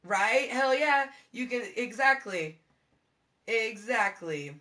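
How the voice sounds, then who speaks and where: A woman streamer chatting casually with her viewers, with a low-toned voice, rambling through fillers, swearing and giggling. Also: expressive, slow pace, bright, forceful tone. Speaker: live streamer.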